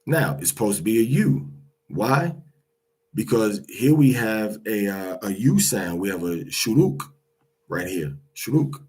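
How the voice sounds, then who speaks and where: A man with a low, husky voice gives a slow, unhurried lesson. He explains each sound patiently and repeats every pronunciation several times. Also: expressive, a little mellow. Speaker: teacher.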